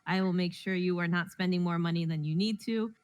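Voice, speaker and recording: A woman on a casual livestream call, telling lively stories and acting out the voices of the people in them. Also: on the low side, brisk, background noise. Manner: animated storyteller, acts out quoted voices. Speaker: guest artist.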